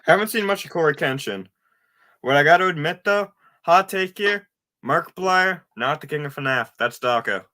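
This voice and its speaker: A man in casual conversation, quick to joke and share strong opinions. His voice is bright and sharp, with a lively, bouncing pitch. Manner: joking, gives opinions freely. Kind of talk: casual chat.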